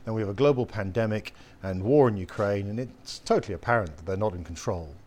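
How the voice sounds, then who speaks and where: A man preaching a sermon in an earnest, emphatic way, asking his listeners rhetorical questions and slowing down to read scripture. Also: lowish voice, a little mellow. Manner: slows down to read scripture quotes.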